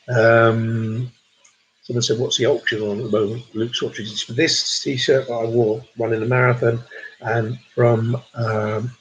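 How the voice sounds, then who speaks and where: A man's voice: medium pitch, lo-fi sound, slight background noise. A man hosting a charity pub quiz livestream, chatting and reading out donors' messages between the questions. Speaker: quiz host.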